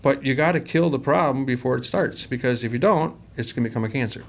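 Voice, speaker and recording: As a podcast guest, a company president tells stories about his company in a casual, rambling interview, acting out both sides of every conversation he recounts. His mid-range voice is fast and has a gravelly, fry-edged texture, and there's faint noise in the recording.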